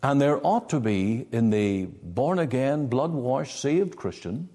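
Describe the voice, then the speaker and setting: A man preaching a sermon, emphatic, with wide swings of pitch. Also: expressive, slow, dark tone, long reverb tail.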